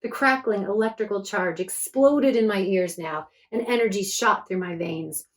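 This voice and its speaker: A woman's voice: medium pitch, moderate pace. A woman author reading her book aloud to children, chatty and enthusiastic between passages.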